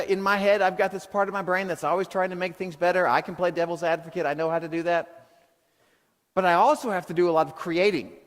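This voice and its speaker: Middle-aged male pastor, animated storytelling sermon, slightly high pitch, church hall echo. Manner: storytelling with self-deprecating humor, animated retelling. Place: church auditorium. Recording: long hall reverb.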